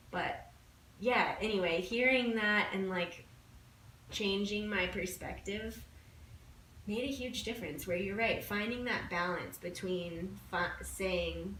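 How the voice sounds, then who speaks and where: A woman's voice: mid-range voice, slow pace, pushed and bright. A chatty woman tells a story on a podcast, full of "like" fillers. She sits some way back from the mic, and her voice echoes around the room. A faint hiss runs underneath. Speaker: podcast guest. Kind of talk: casual conversation. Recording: roomy echo, distant mic, faint background noise.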